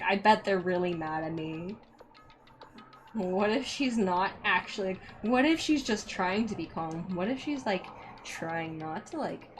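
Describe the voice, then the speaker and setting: A woman giving casual gameplay commentary in a rambling, scattered way, swearing freely. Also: mid-range voice. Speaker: let's play gamer. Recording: game music behind.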